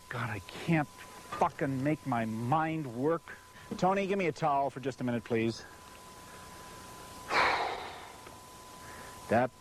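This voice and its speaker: A man's voice: on the high side, a little hiss or hum. A short-tempered man reading lines for a promotional film, cursing and flustered each time he forgets a line. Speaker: spokesman filming a promotional video. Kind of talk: outtakes from a scripted promotional shoot. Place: in and around a vehicle on a hot set.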